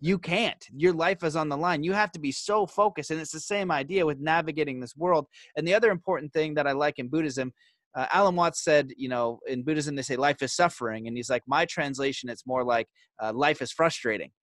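A man's voice: fairly high pitch, fairly quick, a bit bright, no room sound. A man hosting a podcast, talking in an earnest, explanatory way with hesitant restarts. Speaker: podcast host. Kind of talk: casual interview conversation.

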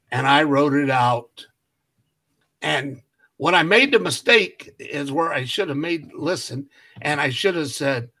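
Bright-voiced man telling a story. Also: fairly high pitch. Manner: animated storyteller acting out quoted dialogue, laughs often. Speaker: podcast co-host. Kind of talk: casual storytelling chat.

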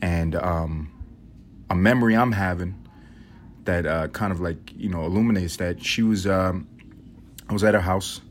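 A man's voice: moderate pace, pauses often, a little hiss or hum. A young man from New York City telling rambling, profane stories on his solo podcast. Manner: rambling, profane, muses aloud; mimics his grandmother in a high voice. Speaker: podcast host. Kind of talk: casual solo storytelling.

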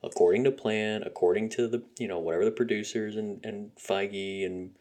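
Male podcast host, deep voice, solo rant, heated and foul-mouthed. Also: steady tone, moderate pace, a little mellow. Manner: profane, heated ranting; frequent fillers and sarcastic laughs.

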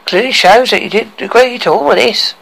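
A man's voice: sits high, fairly quick, vocal fry, a bit bright, slightly rough, pitched above the performer's own voice, full character voice, low-quality recording. A man reading a storybook and voicing a smug, scheming male dwarf who lectures about rent and contracts in a raised put-on voice.

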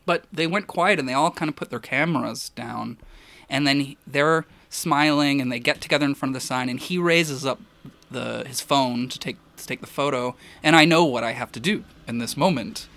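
A photographer telling a long story in a casual, rambling way, with many restarts and fillers. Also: male voice, medium pitch, moderate pace, gravelly, bright, forceful tone, dry recording.

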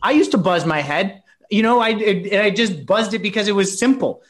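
A man's voice: sits high, expressive, brisk. A man co-hosting a podcast in casual chat, teasing and often restarting his sentences. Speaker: podcast co-host.

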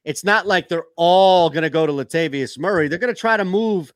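Male sports co-host, casual and joking, higher voice, dry close sound. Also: dry recording. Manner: joking, animated, quick back-and-forth.

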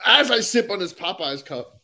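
Lively slangy male comedian guest. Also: high-pitched, moderate pace, gravelly. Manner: lively, slangy, says "bro" a lot. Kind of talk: casual chat.

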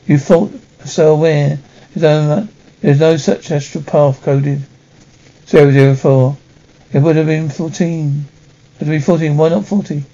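A stern military officer in a 1960s television drama, speaking in clipped, formal lines. The voice sits a little high, with a gravelly, dark edge. It comes through a dull, old TV soundtrack. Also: male voice, steady tone, a little slow. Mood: tense.

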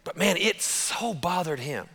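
A man preaching a sermon as pastor, telling stories in an animated, conversational way. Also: high-pitched, unhurried, breathy edge, long reverb tail, soft background music.

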